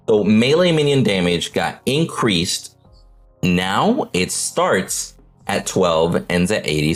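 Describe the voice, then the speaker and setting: Deep, lively man hosting a game panel. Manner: energetic, swears, keeps asking "right?". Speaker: host of a game update panel. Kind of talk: casual livestream chat on game patch notes.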